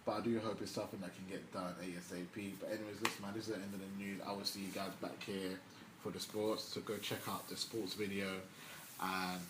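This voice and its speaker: A man's voice: low voice, little pitch movement, quick pace. A young man hosting a news vlog, giving casual news commentary in a slangy, chatty way with offhand asides. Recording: echoey room, faint background noise.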